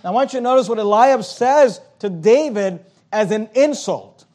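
High-voiced man preaching a sermon. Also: expressive, normal speed, darkish tone. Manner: earnest preaching, reads scripture aloud and explains it. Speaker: pastor.

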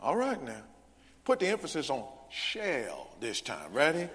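A male pastor preaching a sermon, leading the congregation in call-and-response with loud, emphatic bursts. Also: medium pitch, huge pitch swings, measured pace, slight background noise. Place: large church sanctuary. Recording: long church hall reverb.

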